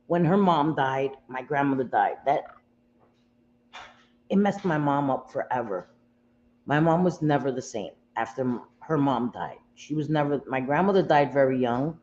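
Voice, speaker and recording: A woman's voice: low-pitched, mellow. Woman livestream host, tearful, confiding, repeats herself, dull lo-fi audio, faint room hum. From United States. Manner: emotional, confiding, repeats herself, reads out comments. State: close to tears. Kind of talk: casual livestream chat with viewers. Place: at home.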